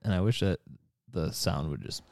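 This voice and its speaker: A man's voice: low voice, moderate pace, vocal fry. A man co-hosting a casual movie podcast, laid-back and hesitant with dry replies. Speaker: podcast co-host.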